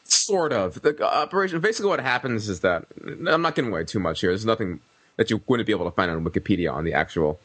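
Fast-talking man explaining a plot. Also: on the low side, lively intonation, fairly bright tone, husky, dry recording. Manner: fast, restarts often, explains at length. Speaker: podcast guest reviewing a film. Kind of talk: casual discussion.

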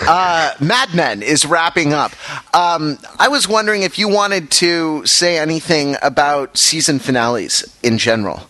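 A man's voice: on the high side, a little slow, bright, forceful tone, dry recording. A man co-hosting a casual chat show, rambling through anecdotes and tangents. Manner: rambling storyteller, chatty. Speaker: podcast co-host.

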